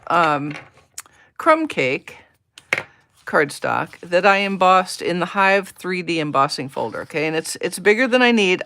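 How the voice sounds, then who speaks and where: A papercraft demonstrator from the United States works through a card-making project on a live-stream craft tutorial, chatting as she goes, greeting viewers by name and talking to herself. Her voice is fairly low and a bit bright.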